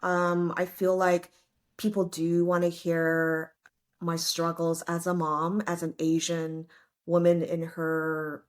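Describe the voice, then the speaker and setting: Comedian guest, woman in her late forties, lively storyteller with a slightly low pitch. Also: slow pace. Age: 40s. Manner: lively storyteller, acts out voices. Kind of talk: casual podcast interview.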